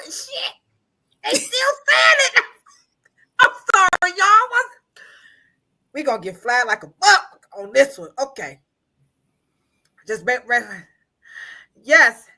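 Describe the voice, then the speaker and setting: Loud, animated woman livestream co-host. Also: on the high side. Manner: loud, laughing, dramatic outbursts. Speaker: podcast co-host. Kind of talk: casual livestream chat.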